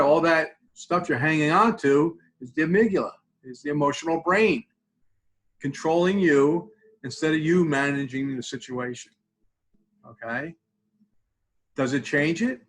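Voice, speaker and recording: This man's voice is a little high and fairly bright, heard through a low-quality recording. Working as a student support clinician, he runs a live counseling webinar conversationally, walking people through tapping and mindfulness and tagging almost every line with "okay?"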